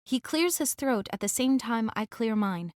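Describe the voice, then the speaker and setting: A woman narrating a first-person romance audiobook in a gentle, intimate reading style. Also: fairly high pitch, expressive, moderate pace, no room sound, clean studio sound.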